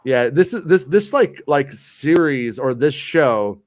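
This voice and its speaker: Man in his thirties, casual chat, loose joking stories, mid pitch, dry mic. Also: very animated, slow, dry recording. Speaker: podcast co-host.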